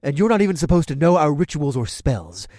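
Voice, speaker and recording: A man's voice: on the high side, big pitch swings, brisk, mellow, no room sound, studio quality, pitched above the performer's own voice. A man voicing Carl, a sly, weaselly man who grumbles and sneers in an audiobook reading. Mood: condescending. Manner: grudging, sneering.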